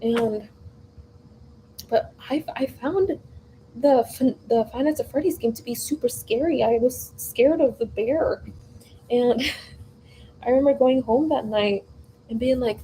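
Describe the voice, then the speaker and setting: A woman's voice: a little high, unhurried, long pauses, mellow, slight background noise, poor audio. A young woman vlogger in a home kitchen, telling a long casual story while baking, rambling with lots of fillers and restarts.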